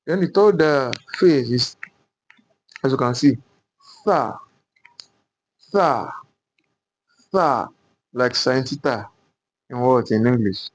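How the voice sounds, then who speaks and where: Man, qur'an teacher, slow deliberate pace, repeats sounds, rhetorical questions, dull lo-fi recording. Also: mid-range voice. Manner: slow, repetitive, drills each sound aloud; asks rhetorical "what?" questions. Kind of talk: pronunciation lesson at a board. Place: classroom with a board.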